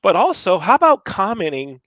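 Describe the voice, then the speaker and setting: A man's voice: high-pitched, very animated, normal speed, a bit bright, no echo, dull audio. A man co-hosting a podcast in casual, upbeat chat, often repeating words as he starts sentences. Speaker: podcast co-host.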